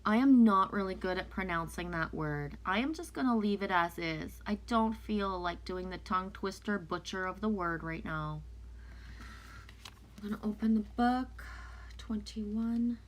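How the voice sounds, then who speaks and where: A woman whose first language is French chats casually with viewers on a live stream while reading oracle cards aloud, staying loose and talkative and responding to their comments. Her voice is medium-pitched and a little slow.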